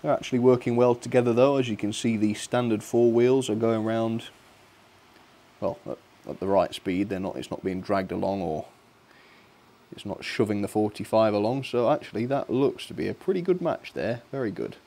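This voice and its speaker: A man with a lowish voice chats casually as a live-stream host. His delivery is cheerful and easygoing, with frequent light laughter, like someone enjoying a hobby with viewers. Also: normal speed, dark tone. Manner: cheerful and chatty, laughs often.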